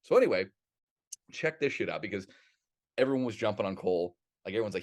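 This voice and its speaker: A man co-hosting a podcast, chatting casually and telling a story in a rambling, animated way with plenty of swearing. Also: fairly low pitch, fast talker, pauses often. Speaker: podcast co-host.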